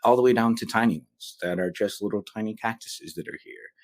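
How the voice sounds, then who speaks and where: Husky low-voiced man explaining earnestly. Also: a little mellow. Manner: earnest, explanatory, often adds "right?". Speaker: podcast guest. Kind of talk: casual podcast chat.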